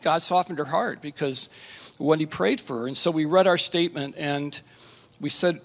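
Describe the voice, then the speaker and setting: A man's voice: a little high, fairly bright tone. Earnest man pastor in a reverberant hall. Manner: earnest, emotional storytelling with halting restarts. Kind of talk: personal testimony at a conference. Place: conference hall.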